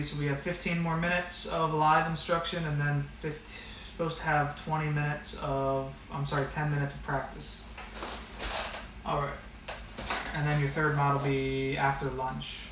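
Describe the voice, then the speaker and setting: A man lays out the rules for an online math class in a loose, direct style packed with fillers. His voice sits on the higher side with flat delivery at a moderate pace, against a noisy background in an echoey room with the mic slightly distant.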